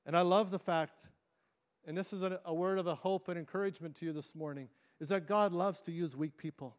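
A middle-aged man, a lead pastor, preaching a sermon in a church with earnest delivery, restarting phrases and shifting between quick and slow phrasing. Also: high-pitched, fairly even intonation. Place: church sanctuary.

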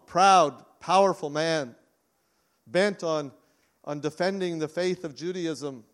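Earnest man preaching a sermon. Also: a little high. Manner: earnest, with frequent restarts. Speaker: pastor. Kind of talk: conversational sermon.

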